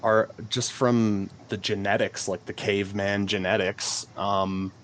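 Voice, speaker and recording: A man's voice: lowish voice, level tone, a little slow, fairly bright tone, a little hiss or hum. A man who works as a personal trainer, a guest in a casual chat, talking in a laid-back way and filling his speech with "like" and "man".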